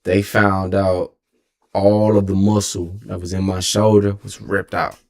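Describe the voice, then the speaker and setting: A twentysomething Texan guy tells a rambling, profane story like a streamer, often catching and correcting himself. His voice is low and gravelly with a slight mellowness, moving at a measured pace with little change in pitch.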